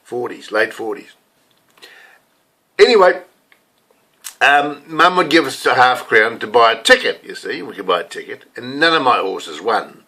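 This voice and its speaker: Animated older New Zealand man preaching. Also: medium pitch, unhurried, pauses often. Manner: rambling, conversational, confessional. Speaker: lay preacher. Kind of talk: casual sermon storytelling.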